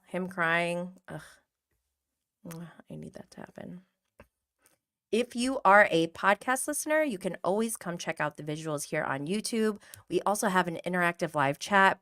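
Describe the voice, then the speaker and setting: A woman in her thirties runs a laid-back reality TV podcast, chatting with lively energy in a slightly low, smooth voice. She laughs a lot while greeting live chat viewers by name.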